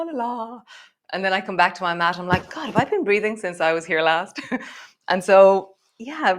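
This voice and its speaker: Chatty woman teaching yoga. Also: fairly low pitch. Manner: chatty, laughing, relaxed and self-mocking. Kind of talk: guiding a live yoga class.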